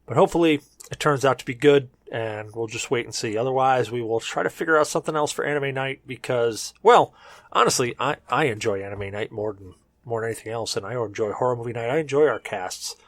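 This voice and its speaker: A man hosting a casual podcast chat with friends, loose and a little drunk. He rambles and restarts sentences in a middle-pitched voice. The sound is dry and close to the mic. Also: a little fast, no echo. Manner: relaxed, rambling, tipsy. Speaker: podcast host.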